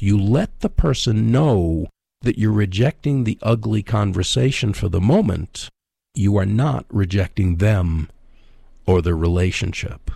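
Male radio Bible teacher, low gravelly voice, emphatic and conversational. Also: measured pace, mellow, no room sound, studio quality. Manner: emphatic, conversational, repeats key points.

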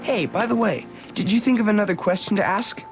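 A woman's voice: medium pitch, a little fast, over music, natural voice. A woman voicing an earnest, loyal teenage boy in an audio drama. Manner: earnest and encouraging.

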